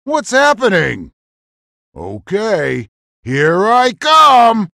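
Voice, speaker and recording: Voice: medium pitch, huge pitch swings, extremely slow, creaky, noisy background, exaggerated voice. A performer voicing a hungry, bumbling carnivorous dinosaur villain in a cartoon, blustering and huffing between greedy boasts. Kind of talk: cartoon voice acting.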